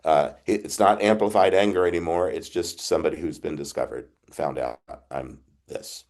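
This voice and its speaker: An older man, a priest, giving a reflective retreat talk over a video call, halting with frequent restarts. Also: low voice. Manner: halting, many restarts, gentle laughs.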